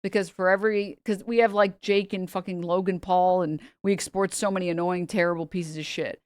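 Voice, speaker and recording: A lowish-voiced woman from the United States talks to her stream in a loose, chatty way. She is blunt and swears freely as she reacts to videos. The sound is close and dry, with no room around it. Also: fairly even intonation, fairly quick, darkish tone, smooth, no echo. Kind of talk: casual reaction stream chat.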